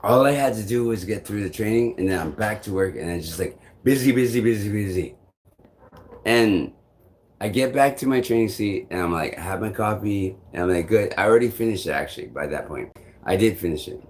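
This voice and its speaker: A man's voice: on the low side, expressive, fairly quick, slight background noise. A man telling a story in a casual vlog, rambling along with repeated "I'm like" asides, frequent swearing and chuckles. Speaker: vlogger.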